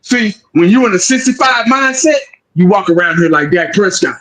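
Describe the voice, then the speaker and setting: A man's voice: sits high, animated, normal speed, fairly bright tone, rough recording. A man hosting a casual sports talk show, emphatic and profane, tagging his points with 'man'.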